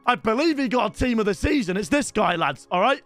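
A young man hosting a gaming video, talking in a very high, bright register. He chats and banters excitably with his viewers, and faint music plays under his voice. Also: fairly quick, no echo. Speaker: video game channel host. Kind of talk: casual gaming commentary.

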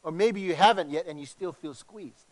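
A middle-aged male pastor from Hawaii with a slight tinge, preaching in an animated, conversational way with many restarts. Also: high voice, normal speed. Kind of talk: sermon.

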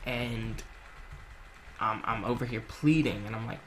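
A man's voice: medium pitch, a little slow, pauses often, fairly bright tone, slight background noise. A man casually narrating a personal story while playing a game, swearing a lot and restarting his sentences, earnest and confessional. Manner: casual, heavy swearing, many fillers and restarts. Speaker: gaming channel host.

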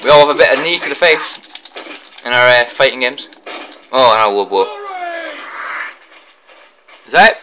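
A young man commentates a video game playthrough, reacting loudly to every hit. His voice leaps up and down with excitement and the odd mild curse. His talk is quick and unscripted. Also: medium pitch, a little hiss or hum, rough recording. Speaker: gaming commentator. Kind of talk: let's play commentary.

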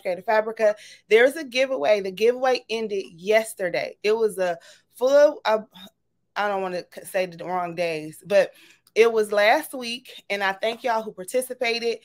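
A woman hosting a casual livestream, bubbly and greeting her viewers one by one. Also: on the high side. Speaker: livestream host.

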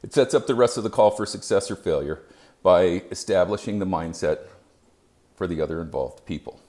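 A man giving scripted narration as an EMS educator, with a measured, even delivery. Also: sits low.

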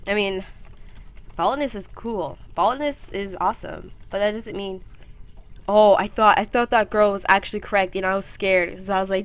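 Giggly rambling teen girl gamer. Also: moderate pace. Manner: jumps into silly high voices. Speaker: gameplay commentator. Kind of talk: casual gameplay commentary.

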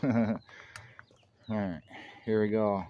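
A man narrating his workshop project in a relaxed, chatty way, talking while he works outdoors. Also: on the low side, very slow, lo-fi sound, heavy background noise. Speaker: DIY off-grid vlogger.

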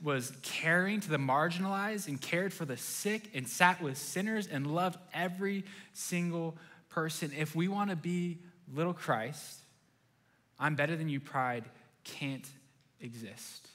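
A man's voice: on the high side, a little slow, fairly bright tone. A young adult man preaching a sermon as a pastor, telling stories with animation and acting out his own thoughts in quoted lines.

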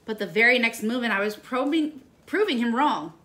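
A woman teacher reading a rhyming picture book aloud to children in an expressive, sing-song way. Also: a little high, moderate pace. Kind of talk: storybook read-aloud.

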